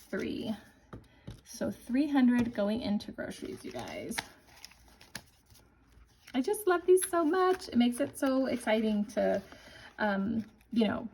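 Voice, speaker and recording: A woman's voice: fairly high pitch, a little mellow, slight background noise, rough recording. Upbeat woman in her forties counting cash. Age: 40s. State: slightly winded. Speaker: budgeting vlogger. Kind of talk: casual chat to viewers.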